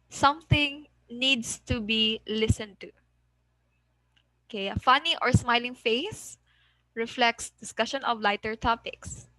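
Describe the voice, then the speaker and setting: A woman's voice: a little high, bright, forceful tone, no echo, rough recording. A woman teacher reviewing a lesson, mixing English and Cebuano and often checking in with "okay?". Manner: slow, deliberate, switching between English and Cebuano, frequent "okay?" checks.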